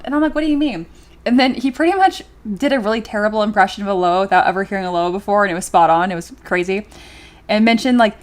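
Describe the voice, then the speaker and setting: Chatty, giggly woman streamer. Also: medium pitch. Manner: chatty and giggly, with frequent fillers. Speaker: livestreaming 3D sculptor. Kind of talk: casual livestream chat, reading viewer comments.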